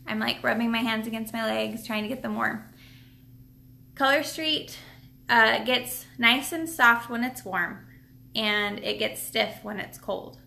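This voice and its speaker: A woman's voice: on the high side, measured pace, vocal fry, sharp tone. A woman hosting a casual live stream tutorial at home, chatty and rambling, with lots of fillers and restarts. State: a bit out of breath. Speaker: nail product seller and live stream host. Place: at home, seated at a table.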